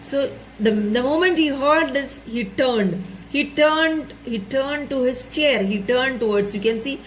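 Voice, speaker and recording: A woman teacher walks students through a story, repeating and rephrasing each point and checking in with "right?" and "isn't it?". Her voice is high and a little slow, captured in a low-quality recording with some hiss or hum.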